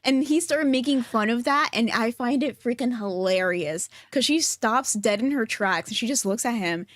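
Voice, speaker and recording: A woman co-hosting a casual commentary chat, animated and quick to mimic others. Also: a little high, no echo. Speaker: co-host.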